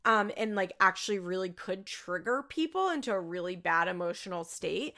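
Chatty female vlogger with a gravelly, creaky edge; swears and laughs through a reality TV recap. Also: fairly low pitch, animated, normal speed, pushed and bright. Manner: laughs often, swears casually, lots of "like".

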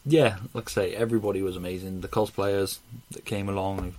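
Man, podcast co-host, casual chat, rambling, swears, lowish voice. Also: steady tone, fairly quick, darkish tone, slight background noise.

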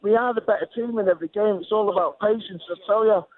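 An excitable football fan calling in from a stadium, bragging about his team. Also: sits high, fast talker. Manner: excitable, boastful, says "do you know what I'm saying". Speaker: caller. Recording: tinny phone line.

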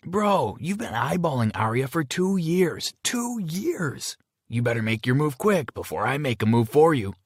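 A man's voice: on the high side, sing-song, a little slow, breathy edge, no echo, clean studio sound, voice pushed up, full character voice. A man voicing a smug, teasing teenage boy in a storybook reading. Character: cocky teenage boy swimmer, smug joker.

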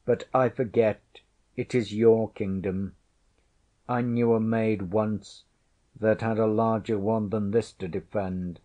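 A haughty, teasing noblewoman with archaic, wry speech, as a male reader puts her on. She speaks slowly in a fairly low, mellow register, clearly raised above the reader's own voice. It reads like a queen in disguise from an old storybook. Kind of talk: audiobook character voice.

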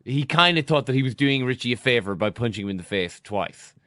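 A man with an Irish accent, a studio guest on a podcast, joking in a dry, deadpan way. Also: medium pitch, fairly quick, dry recording. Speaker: studio guest, former footballer. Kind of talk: casual chat.

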